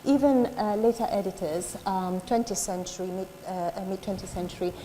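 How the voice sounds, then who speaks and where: Woman academic asking questions, lots of ums, kinda soft, echoey lecture hall, faint hiss. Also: mid-range voice, fairly quick. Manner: hesitant, many ums, soft-spoken. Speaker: interviewer, academic. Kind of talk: stage conversation, lecture-like. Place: lecture hall before an audience.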